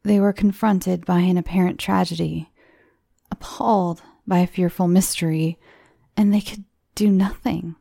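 A woman reading a horror story aloud in a hushed, near-whispered storytelling voice. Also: on the low side, fairly even intonation, moderate pace, creaky, dry recording, clean studio sound. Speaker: narrator.

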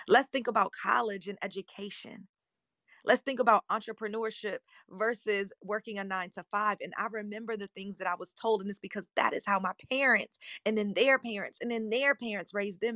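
A woman in her forties giving an upbeat motivational talk as a coach, her voice slightly hoarse and scratchy, often checking in with her listeners. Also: mid-range voice, sharp tone, no room sound, clean studio sound. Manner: upbeat, emphatic, rhetorical check-ins. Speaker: life coach and live-room host.

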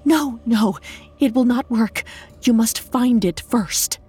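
A woman's voice: very high-pitched, steady tone, unhurried, a bit bright, voice pushed up. Woman voicing a terrified, wounded young woman. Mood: fearful whisper. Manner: urgent, pained, half-whispered. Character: terrified injured woman around thirty.

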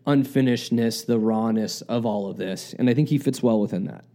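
An American man co-hosts a podcast, reflecting earnestly in casual conversation and frequently restarting his sentences. His voice is mid-range, mellow, and a little fast.

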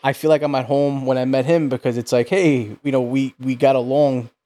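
A man's voice: medium pitch, steady tone, a little fast, mellow. A man from the United States, a podcast guest, talking in an earnest, casual way and repeating words as he builds a point.

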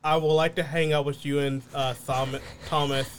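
A man's voice: fairly high pitch, little pitch movement, moderate pace, very noisy. A man co-hosting a podcast in casual chat, joking and rambling.

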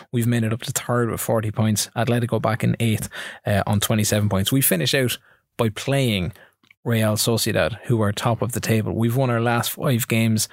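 Man, podcast co-host, mid-pitched voice, rambling game recap, dry studio sound. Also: gravelly, no room sound. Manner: recaps matches in quick rambling bursts. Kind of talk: casual gaming podcast chat. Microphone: studio mic.

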